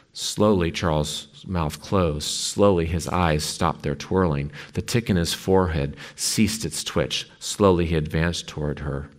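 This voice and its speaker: A very deep-voiced male preacher delivers a sermon. He reads a story aloud with strong emphasis and dramatic pacing. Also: unhurried, hardly any pauses. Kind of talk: sermon with a dramatic book reading.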